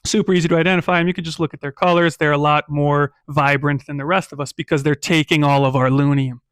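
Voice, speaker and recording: A man's voice: a little high, steady tone, quick pace, a bit bright, clean tone, dry recording, studio quality. Casual male solo game master. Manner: casual, with frequent "right?" and "um". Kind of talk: solo tabletop game narration.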